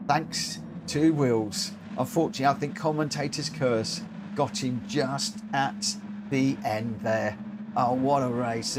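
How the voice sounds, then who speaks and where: A man streaming online races, giving excitable live commentary and chatting with viewers. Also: medium pitch, background noise. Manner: excitable, rising into animated commentary. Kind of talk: live race commentary and chat.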